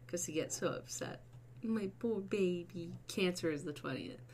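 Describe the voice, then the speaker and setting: A woman hosting a casual livestream, chatting with her viewers, swearing and breaking into bursts of excited shouting. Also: lowish voice, a little slow, slight background noise. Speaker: livestream host.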